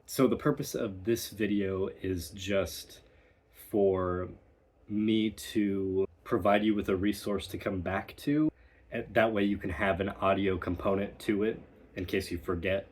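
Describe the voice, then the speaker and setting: A man teaches like a dialect coach, taking his time over each point. His low voice has a husky edge, and he repeats sample words over and over to demonstrate. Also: a little mellow. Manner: unhurried and explanatory, demonstrating sounds by repeating words. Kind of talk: recorded instructional walkthrough.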